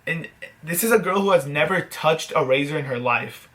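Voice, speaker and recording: A man vlogging, telling a story to camera in a casual, animated, self-mocking way and swearing freely. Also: a little high, moderate pace, a little hiss or hum. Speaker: vlogger host.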